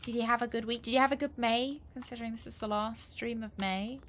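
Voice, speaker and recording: A woman's voice: on the high side, fairly even intonation, fast talker, a bit bright, a little hiss or hum. Woman streamer, playful and sarcastic. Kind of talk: casual gameplay commentary.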